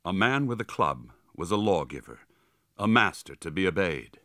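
A man reading a story aloud in a lower register, his delivery dramatic and vivid with a wide, lively swing of pitch. His tone is bright and forceful in a close, dry recording. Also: moderate pace, no echo. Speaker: audiobook narrator. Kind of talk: scripted narration.

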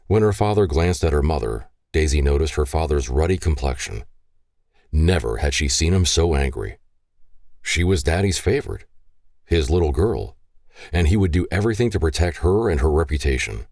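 Deep-voiced male audiobook narrator. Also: lively intonation, normal speed, a little mellow, no room sound, studio quality.

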